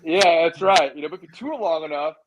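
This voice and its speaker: Rambling, animated man telling a story. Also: a little high, brisk, highs cut off. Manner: rambling, animated, many "like" and "dude" fillers. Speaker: musician guest. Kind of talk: casual storytelling interview.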